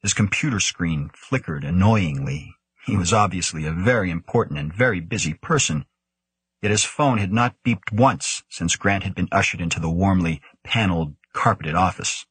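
Low, husky male audiobook narrator. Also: a bit bright, no room sound. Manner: measured storytelling, voicing characters. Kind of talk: scripted narration.

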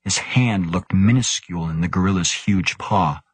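A man narrating an audiobook in a measured, suspenseful manner. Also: low-pitched, slightly rough, no room sound.

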